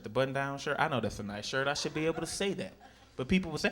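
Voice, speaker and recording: A man performing a stand-up comedy set on a club stage, telling animated stories and jumping into shrieking high voices for his characters. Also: fast. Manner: animated storytelling, sudden high-pitched shrieks in acted quotes. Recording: live club recording with crowd laughter.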